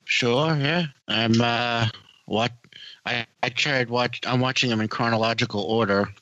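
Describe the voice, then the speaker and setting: A man in casual chat who starts hesitantly, then talks quickly. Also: mid-range voice, steady tone, a bit bright, dry recording, muffled recording.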